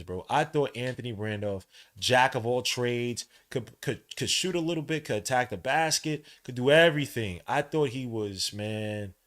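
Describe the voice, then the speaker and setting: A man hosting a live watch-along podcast, giving casual play-by-play in a relaxed, slangy way and jumping from hushed commentary to loud excited outbursts. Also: lowish voice. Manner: casual slang, talks to the listener like a friend. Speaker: podcast host calling a game.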